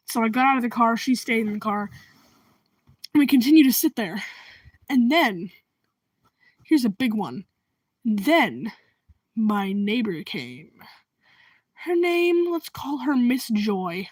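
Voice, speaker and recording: A young woman telling a storytime vlog in a rambling way, with laughing asides and hushed whispered remarks. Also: on the high side, animated, measured pace, long pauses, dry recording, poor audio. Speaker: vlogger.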